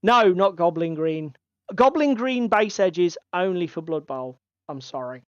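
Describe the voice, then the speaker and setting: Smooth-voiced man, casual chat. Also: high-pitched, lively intonation, a little slow, dry recording. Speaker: podcast co-host. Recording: slightly dull lo-fi audio.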